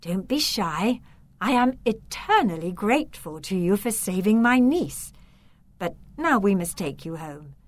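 A woman voicing a kind noble countess in a storybook reading, gentle but firm. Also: medium pitch, big pitch swings, measured pace. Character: kind, decisive noble aunt.

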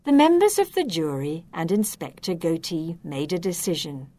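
A woman reading a children's story aloud, slow, expressive and clearly enunciated. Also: on the low side, dry recording.

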